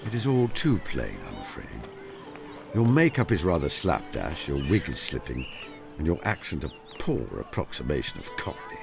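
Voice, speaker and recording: A dry, precise retired detective for a game. The voice sits very low, yet the intonation moves widely as he lays out each deduction formally. Game music plays clearly underneath. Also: huge pitch swings, exaggerated voice. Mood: deductive. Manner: measured, formal deductive speech. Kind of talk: game voice acting.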